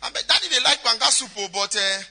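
A Nigerian man playing an easygoing middle-aged church mother who talks softly, mixing in pidgin. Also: a little high, lively intonation, fast, big-room sound, heavily acted. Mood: doubtful.

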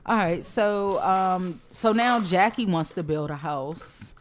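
Young woman, casual recap chat, swears a lot, laughs often, fairly low voice. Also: slow, slight background noise. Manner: profane, laughing, storytelling. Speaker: podcast co-host recapping a reality show.

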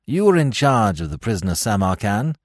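A man's voice: lowish voice, animated, moderate pace, darkish tone, no room sound, studio quality. A man voicing a harsh, impatient male commissioner who questions a suspect, snapping and emphatic, in an audiobook reading.

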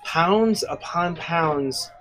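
A man's voice: fairly high pitch, very slow, a bit bright, poor audio. A man narrating a tabletop game as game master, casual and rambling.

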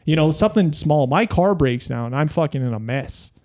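A man's voice: on the high side, lively intonation, normal speed, darkish tone. A man in casual podcast chat, telling rambling, profane stories with lots of fillers.

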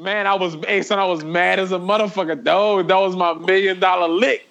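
A young man with a high, gravelly voice spins a story in loose, casual chat. He talks with animated energy and swears freely, breaking into laughter. His tone stays rough and raised throughout. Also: brisk, crowd noise.

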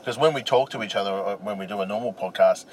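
A man's voice: lowish voice, fast talker. A young Australian man co-hosting a podcast, teasing and swearing in casual banter from the passenger seat. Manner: teasing, crude, animated. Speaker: podcast co-host. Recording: noisy car interior.

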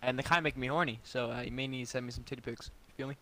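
A man's voice: medium pitch, steady tone, rapid-fire, pushed and bright, a little hiss or hum. A young man telling crude, boastful stories in casual chat with friends.

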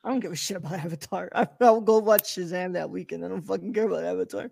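Blunt high-voiced male podcast co-host. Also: fast talker, creaky, darkish tone. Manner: blunt, swears often. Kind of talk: casual chat.

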